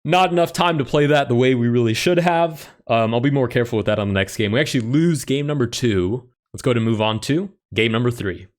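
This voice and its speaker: A man commentating his own online chess game as he plays, thinking aloud with quick reactive exclamations. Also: medium pitch. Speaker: chess streamer.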